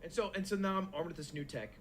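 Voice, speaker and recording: A young man telling a long, animated story in casual, profane chat as a stream co-host. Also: on the high side, fast talker. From United States.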